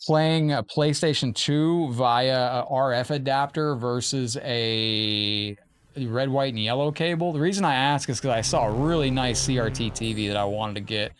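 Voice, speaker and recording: Casual, excitable male streamer at a mid-range pitch, informal and a bit profane, cheering good plays. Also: moderate pace, slight background noise. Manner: excitable, cheers opponents and thanks viewers; chatty and informal, often profane. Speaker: live-stream gaming host. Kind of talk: casual live-stream commentary.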